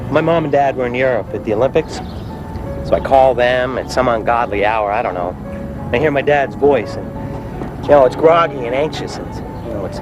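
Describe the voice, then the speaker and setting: A man's voice: medium pitch, moderate pace, music in the background, low-quality recording. A man telling his own true story to an audience, plain-spoken and reflective, often saying "you know".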